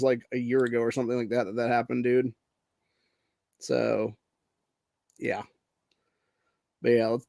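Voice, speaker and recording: A man's voice: mid-range voice, a little mellow, no room sound. A man hosting a casual political commentary show, reading news items aloud, swearing freely and saying "dude" constantly as he gets heated. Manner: profane, says "dude" constantly, grows heated; reads news items aloud while screen sharing. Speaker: podcast host.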